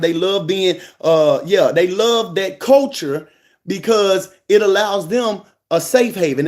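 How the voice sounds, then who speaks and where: A man giving an emphatic, preachy monologue to a live audience, repeating lines for stress. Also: high voice.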